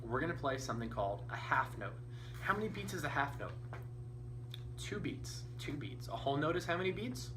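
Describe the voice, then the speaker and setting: A man's voice: a little high, very animated, fast talker. A patient, encouraging man teaches a beginner band lesson and counts the beats aloud. He sounds a little far from the microphone, and faint noise sits under his voice. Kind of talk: instrumental lesson. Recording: distant mic with faint noise.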